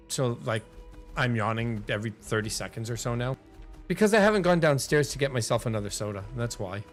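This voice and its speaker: Rambling male game streamer thinking aloud. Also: medium pitch. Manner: rambling, chatty, talks to himself and chat. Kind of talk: casual thinking aloud while gaming.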